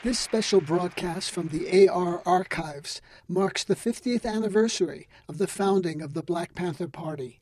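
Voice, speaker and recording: A radio host with a notably high-pitched male voice reads a scripted announcement. His delivery is measured and even, as if from a prepared text.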